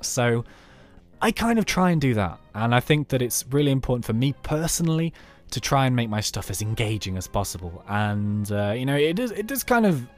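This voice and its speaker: A man's voice: medium pitch, fairly quick, faint music behind. A man from the United Kingdom talking through a game in a chatty, rambling let's play. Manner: chatty, animated, rambling asides. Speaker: YouTube let's play host. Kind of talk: casual gameplay commentary.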